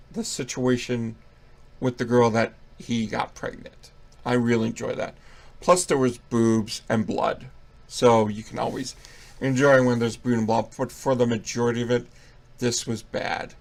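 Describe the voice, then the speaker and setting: A man's voice: medium pitch, vocal fry. A young man giving a casual movie review, profane, rambling and mocking.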